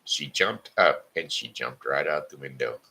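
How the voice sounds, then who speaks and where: A man hosting a live show, stuffy from sinus trouble, reading a story and scripture aloud in a slow, halting way. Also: extremely low pitch, expressive, vocal fry, sharp tone, breathy edge, low-quality recording. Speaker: host of a live blog show.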